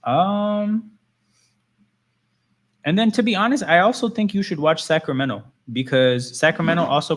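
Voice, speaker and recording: A man hosting a casual livestream, talking loosely and answering chat messages as they come in. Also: a little high. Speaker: livestream host.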